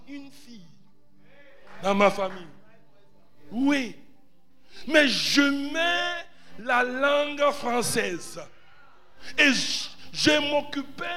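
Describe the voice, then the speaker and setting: High, bright-voiced bishop preaching. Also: male voice. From Ghana. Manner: emphatic, repeats phrases, swings between loud exclamations and quiet asides. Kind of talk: sermon. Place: church service hall. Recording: long reverb of a large hall, faint music.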